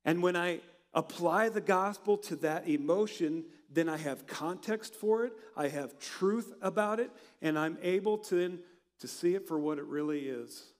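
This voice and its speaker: Male pastor, high voice, sermon with rhetorical questions, reverberant hall sound. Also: moderate pace. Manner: preaches with rhetorical questions, swings from loud to quiet.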